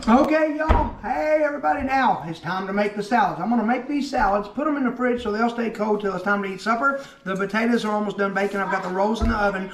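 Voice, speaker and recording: A man's voice: sits high, fast talker, hardly any pauses, reverberant. A man chatting folksily as he demonstrates cooking in his home kitchen, joking as he goes. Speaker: cooking vlogger and preacher.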